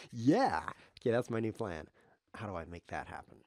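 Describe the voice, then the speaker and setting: A man's voice: medium pitch, very animated, fairly quick, darkish tone, slightly rough, dry recording. A man commenting live on his own chess game as a streamer, sarcastic, self-mocking and grumbling.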